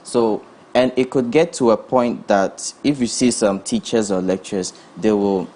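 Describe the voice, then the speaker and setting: A young Ghanaian man with a thick Ghanaian accent, a physiotherapist guest, explaining calmly and in a measured way. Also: fairly low pitch. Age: young adult. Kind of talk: studio interview.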